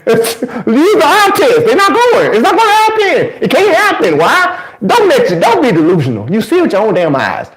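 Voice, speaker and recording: A male livestream host shouting a sports rant and repeating lines for emphasis, with the mic right under his chin. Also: extremely high pitch, echoey room, slight background noise, poor audio.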